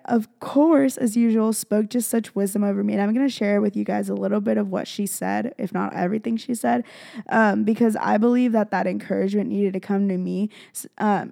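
A young woman chats to her viewers, retelling a personal faith story with lots of fillers and plenty of feeling. Her voice is mellow and warm, with a gravelly fry running through it. The sound is close and dry. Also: medium pitch, dry recording. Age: young adult. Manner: chatty, heavy filler "like", emotional retelling. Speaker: vlogger. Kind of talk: casual faith storytelling to camera.

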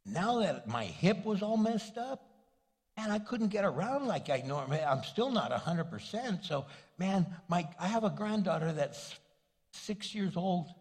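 An older man, a pastor, preaching a folksy, conversational sermon with homely stories, his husky voice carrying through a church sanctuary. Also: high-pitched, big pitch swings, unhurried. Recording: long reverb of a large hall.

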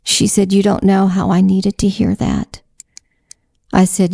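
Slow, earnest woman sharing a testimony. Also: medium pitch, monotone, gravelly, mellow, no room sound, studio quality. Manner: earnest, repeats phrases for emphasis. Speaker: Christian speaker telling a personal testimony. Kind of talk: slow heartfelt testimony and exhortation.

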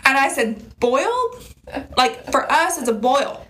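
A woman from South Carolina with a slow, sing-songy Southern drawl, co-hosting a casual chat. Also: high-pitched, bright, forceful tone, a little hiss or hum. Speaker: podcast co-host.

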